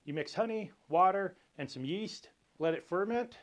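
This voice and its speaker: Male cocktail host, slightly high voice, dry jokey explainer. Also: expressive, normal speed. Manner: dry, lightly joking explainer. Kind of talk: casual cocktail tutorial.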